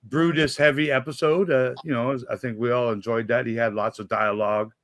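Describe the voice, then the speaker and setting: A man's voice: medium pitch, fairly even intonation, brisk, fairly bright tone, no room sound. Guy cohosting a tv recap, loose rambly chat, dry close sound. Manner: rambling, retells scenes with quotes. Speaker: podcast co-host. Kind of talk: casual after-show chat.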